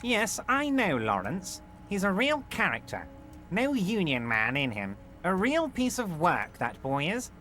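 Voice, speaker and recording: An actor playing a smug, smooth-talking middle-aged union boss in a video game, patronizing and falsely soothing. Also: male voice, high-pitched, wildly swooping pitch, unhurried, pushed and bright, slight background noise, heavily acted.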